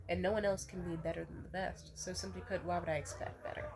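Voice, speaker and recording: Ranting bluntly to camera, this young vlogger swears freely and keeps restating her points. She talks fast with few pauses, in a lowish voice with fairly even intonation, and there's background noise.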